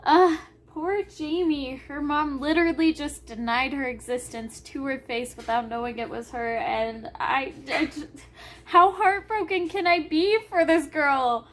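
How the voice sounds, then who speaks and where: A book vlogger with a high voice chats casually in her reading vlog, speaking a little slowly. She gushes excitedly over a book, often squealing and laughing as she reacts.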